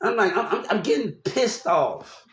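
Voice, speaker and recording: A man's voice: high voice, normal speed. A young man rambling through a personal story, repeating himself and restarting often. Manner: repetitive, restarts often, animated. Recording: roomy echo.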